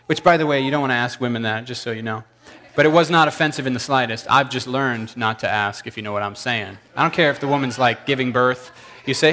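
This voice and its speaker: A man's voice: mid-range voice, a little fast, few pauses, a bit bright. A man in his thirties telling a rambling, self-deprecating story to a congregation. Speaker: preacher.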